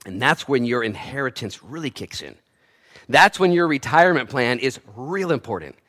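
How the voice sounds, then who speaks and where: Animated pastor preaching. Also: male voice, medium pitch, normal speed. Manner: animated preaching, swings from loud to hushed, playful asides. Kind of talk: sermon.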